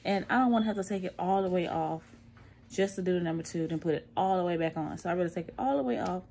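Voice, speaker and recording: A woman's voice: fairly low pitch, gravelly, warm tone. Tired, breathless woman vlogging from home. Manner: chatty, candid, slow and tired. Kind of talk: casual post-surgery recovery vlog.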